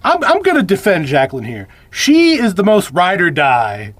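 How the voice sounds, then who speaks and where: Man, podcast co-host, fairly high voice, lively swings in pitch, joking asides. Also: moderate pace, no room sound. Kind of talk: casual movie recap chat.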